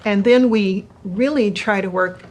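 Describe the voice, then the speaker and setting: A middle-aged woman, a pastor's wife, speaking gently and softly with frequent laughter in a conversational Q&A about marriage. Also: medium pitch, measured pace, a little hiss or hum.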